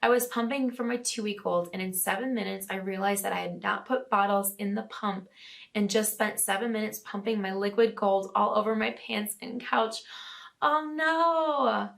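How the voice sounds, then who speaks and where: A woman podcast host with a raspy voice, casually reading listener stories aloud and reacting with chatty laughter. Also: medium pitch, steady tone, normal speed.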